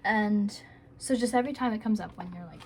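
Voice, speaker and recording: A woman's voice: medium pitch, a little fast, darkish tone, slight background noise. A woman giving earnest, rambling self-help advice to camera in a casual vlog, with playful asides.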